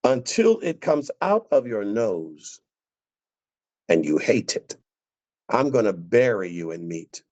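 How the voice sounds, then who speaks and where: A man's voice: fairly low pitch, big pitch swings, slow pace, long pauses, a little mellow, full character voice. A man voicing God as a stern, sarcastic figure in a sermon, building up dramatically. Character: God, stern and mocking toward grumbling people. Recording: dull lo-fi dry recording.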